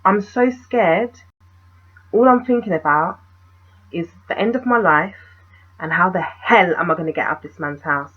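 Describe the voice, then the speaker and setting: A woman telling a personal story in a vlog, animated and full of rhetorical questions. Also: lowish voice, husky, lo-fi sound. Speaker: vlogger.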